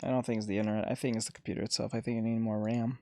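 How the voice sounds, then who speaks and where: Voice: mid-range voice, level tone, racing, dark tone, dry recording. A streamer chatting casually while reacting to clips and reading chat, rambling and often laughing.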